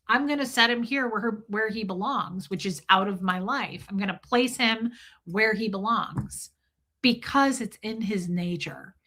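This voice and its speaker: A woman's voice: on the high side, sharp tone. A woman streamer talking candidly and emphatically to her viewers, swearing freely and calling them by name. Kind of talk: casual live-stream chat.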